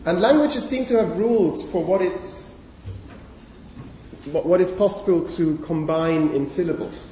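A man giving a university lecture on phonology in a lecture hall, speaking haltingly with many fillers and self-corrections. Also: sits high, mellow, slight background noise. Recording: echoey lecture hall from far off.

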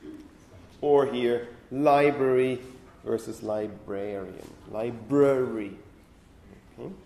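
A man's voice: fairly high pitch, animated, a little slow, warm tone. Man lecturing in an echoey room. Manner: explanatory, repeats "okay?" to check understanding. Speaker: linguistics lecturer. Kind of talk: university lecture. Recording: echoey room with faint ambient noise.

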